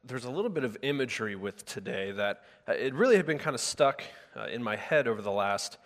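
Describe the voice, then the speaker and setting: A man's voice: mid-range voice, animated, a little fast, fairly bright tone. Man preaching in an echoing sanctuary. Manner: conversational with frequent filler words and self-corrections. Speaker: pastor. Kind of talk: sermon. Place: church sanctuary with a live congregation. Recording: long hall reverb.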